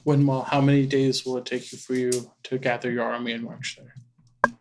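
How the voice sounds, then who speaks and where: A man's voice: mid-range voice, little pitch movement, normal speed, noisy background. A man playing a tabletop game, talking in an offhand, hesitant way. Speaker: player. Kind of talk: casual tabletop play.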